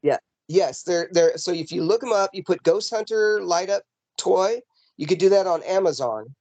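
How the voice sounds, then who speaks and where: A man telling a ghost story from his home over a video call, rambling and animated with lots of fillers and restarts. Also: sits high, moderate pace, no echo. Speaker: paranormal investigator guest. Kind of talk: casual storytelling in an interview. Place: home in the mountains.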